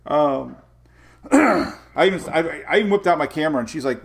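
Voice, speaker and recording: A man with a somewhat high, gravelly voice hosts a weather show in a loose, casual chat. He tells stories with lots of energy, stumbling over words and restarting sentences as he goes. The talk stays informal and unscripted. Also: normal speed, pauses often. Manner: animated storytelling, frequent laughs and restarts.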